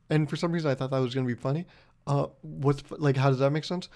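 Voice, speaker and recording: A man's voice: mid-range voice, fairly even intonation, a little fast, creaky, darkish tone. A young man hosting his own podcast, telling a story in a rambling, profane, self-mocking way. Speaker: podcast host. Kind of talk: casual solo podcast monologue.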